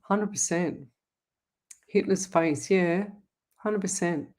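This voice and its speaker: A woman's voice: lowish voice, slow, a little mellow. An Australian woman hosting a live psychic stream, chatting to viewers in a rambling, affectionate way. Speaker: psychic medium host. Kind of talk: casual live-stream chat.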